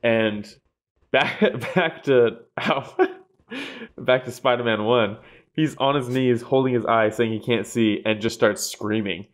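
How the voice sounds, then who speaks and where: A man co-hosting a laid-back sports podcast. He tells stories with lots of animation, laughs often and swears freely. His voice sits at an ordinary middle pitch. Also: lively intonation, takes it slowly. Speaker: podcast co-host. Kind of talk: casual sports podcast chat.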